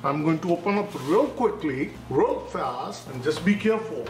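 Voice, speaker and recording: A man's voice: on the high side, animated, moderate pace, soft background music. A man hosting a cooking video, walking through each step and repeatedly warning viewers to be careful in a home kitchen. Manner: instructive, repeats cautions, narrates each step with times. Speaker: cooking channel host. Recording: echoey room with faint noise.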